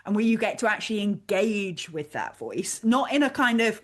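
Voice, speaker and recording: A female life coach speaks animatedly during a coaching conversation, quickly acting out snippets of inner dialogue. Her voice is mid-range and sing-song.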